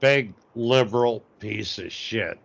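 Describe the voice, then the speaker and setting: A man hosting a call-in show, breaking in with gruff, profane remarks. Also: on the low side, slow. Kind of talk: heated call-in talk. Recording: slightly dull lo-fi audio.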